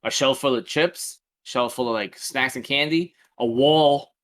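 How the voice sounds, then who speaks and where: A man's voice: medium pitch, measured pace. A man, co-hosting a casual podcast chat and telling stories animatedly with plenty of swearing. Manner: animated storytelling, swears freely. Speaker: podcast co-host.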